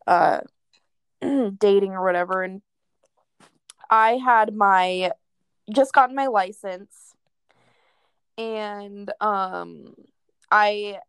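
A woman's voice: medium pitch, gravelly, clear, resonant tone, no echo. A young woman telling a crude personal story in casual chat, swearing freely and laughing often.

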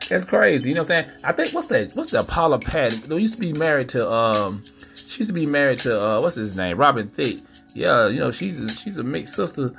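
A man's voice: medium pitch, big pitch swings, moderate pace, gravelly, music in the background. A middle-aged man hosting a podcast, talking casually and preachily, often asking "you know what I'm saying". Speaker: podcast host. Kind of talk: casual monologue.

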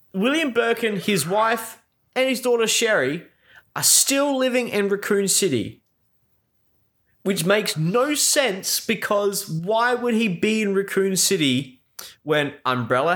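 A man's voice: sits high, a bit bright. Exasperated man ranting about a movie. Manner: exasperated, profane, full of filler likes. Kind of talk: casual movie recap rant.

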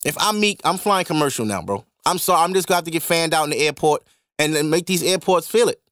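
Animated ranting man, high voice. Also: quick pace, no room sound, clean studio sound. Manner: animated, profane ranting with swings into loud mock outbursts. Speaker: podcast host. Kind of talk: casual monologue.

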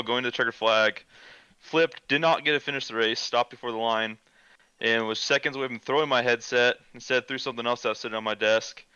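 A laid-back man recounts a racing mishap in casual chat. His voice is bright and smooth. It comes through a dull, dry, lo-fi microphone. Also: mid-range voice, dry recording. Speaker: podcast guest.

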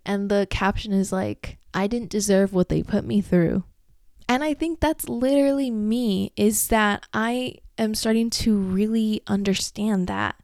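A woman's voice: medium pitch, creaky, a little mellow, dry recording, clean studio sound. A young woman in her twenties hosting a solo podcast, talking candidly and emotionally about a breakup and swearing freely. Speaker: podcast host.

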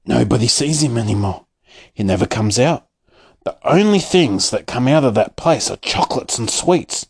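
A man voicing a gentle old grandfather in a storybook reading, telling a tale softly. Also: mid-range voice, lively intonation, normal speed, creaky, husky. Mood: storytelling. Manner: soft and hushed.

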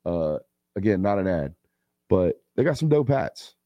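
A man in his thirties hosting a live football show, chatting casually and telling stories with loose slang and quick asides. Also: sits low, big pitch swings, warm tone, no room sound. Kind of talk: casual live-stream chat.

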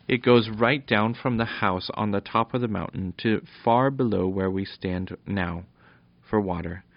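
A man voicing a loyal, fierce but good-hearted goblin dog with a low growl, on a dull lo-fi recording. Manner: low growling delivery, slow and deliberate.

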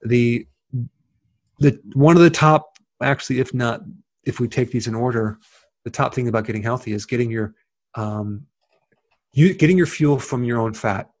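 A man's voice: mid-range voice, normal speed, pauses often. A man as an interview guest, explaining things plainly, with frequent fillers and restarts. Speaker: guest, health video creator. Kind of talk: casual interview talk.

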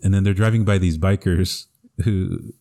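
A man's voice: low voice, moderate pace, warm tone. A man co-hosting a casual podcast chat, retelling movie scenes with fillers and frequent chuckles. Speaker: podcast co-host.

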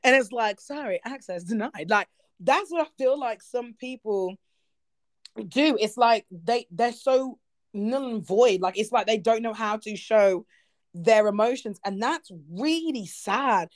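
Woman, animated co-host in casual chat, often laughing; pitch on the higher side. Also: a little slow.

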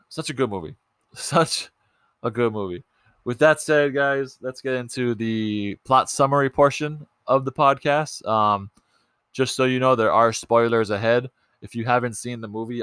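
Low-voiced man chatting on a podcast. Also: a bit bright, smooth, no echo. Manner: chatty, loose, many ums and restarts. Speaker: podcast host. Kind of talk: casual movie podcast chat.

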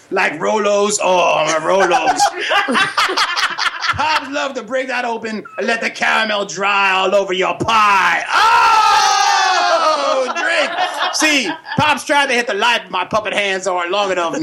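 A man voicing a crude, loud old puppet man who shouts vulgar insult jokes and cackles. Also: sits high, unhurried, gravelly, over a noisy crowd, pitched above the performer's own voice. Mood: crude shouting. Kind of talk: insult comedy bit on a radio podcast.

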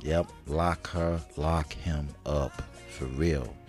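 Deep-voiced man, animated slangy co-host. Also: slow pace, faint music behind. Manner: animated, laughing, street slang. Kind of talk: casual chat.

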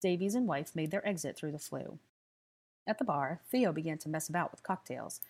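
A woman reading a story aloud as narrator, calm and even. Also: low voice, normal speed. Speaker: audiobook reader. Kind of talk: scripted narration.

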